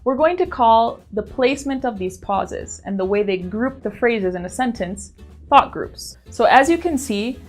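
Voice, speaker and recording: A woman teacher giving scripted lesson narration in a clear, explanatory, evenly paced manner. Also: fairly high pitch, expressive, moderate pace, soft background music.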